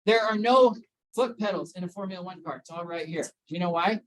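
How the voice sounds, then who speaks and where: Fairly quick and high-pitched, a man speaks over a rough recording. In his role as a workplace wellness speaker, he gives an emphatic motivational talk on mental health, quizzing the audience, calling on people by name, and driving key points home by repeating them.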